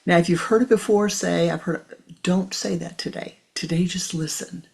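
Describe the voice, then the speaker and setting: A woman spiritual teacher giving a slow guided teaching in a soft, measured voice that often drops to a hushed whisper. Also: fairly low pitch, steady tone, creaky, slightly rough.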